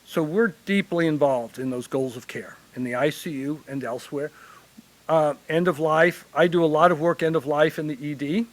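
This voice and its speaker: A man from Illinois who works as a hospital chaplain, telling lively stories to a forum audience. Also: fairly high pitch, moderate pace, low-quality recording. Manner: animated anecdotal storytelling. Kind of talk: conference panel storytelling.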